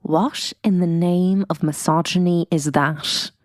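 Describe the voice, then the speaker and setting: A woman's voice: lowish voice, fairly even intonation, takes it slowly, dry recording, clean studio sound. A woman co-hosting a podcast, chatting casually with emphatic, wry quips. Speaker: podcast co-host. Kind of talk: casual chat.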